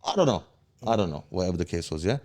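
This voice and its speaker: A man's voice: sits low, lively intonation, fast, a little mellow. A man, a podcast guest heatedly retelling events in street slang and checking in with "yeah?" after each point. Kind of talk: casual storytelling interview.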